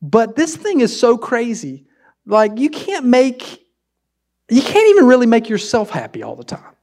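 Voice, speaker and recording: A man preaching a sermon as pastor, swinging between loud emphasis and quiet asides. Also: high voice.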